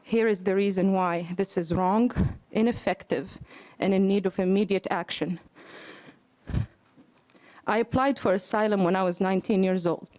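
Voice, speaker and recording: A woman's voice: mid-range voice, fairly even intonation, moderate pace, a little mellow. Earnest, breathless woman giving testimony. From Africa. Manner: earnest, emphatic. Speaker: testifier at a hearing. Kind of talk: read testimony at a hearing. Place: legislative committee hearing room.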